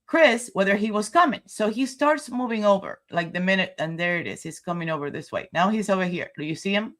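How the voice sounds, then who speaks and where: A woman's voice: mid-range voice, lively intonation, fairly quick. A woman livestreaming commentary who talks straight to her viewers in an emotional, rambling way, stopping often to walk them through video footage. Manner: narrates video footage step by step.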